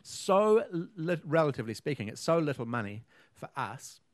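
A man's voice: mid-range voice, brisk, no room sound, clean studio sound. A man, co-hosting a casual chat and rambling with lots of fillers and restarts. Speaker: podcast co-host.

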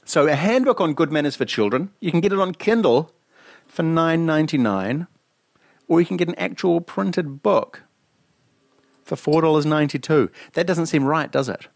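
Male podcast co-host; casual, rambling, laughs a lot; lively pitch, gravelly, dry. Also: normal speed, no echo. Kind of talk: casual chat.

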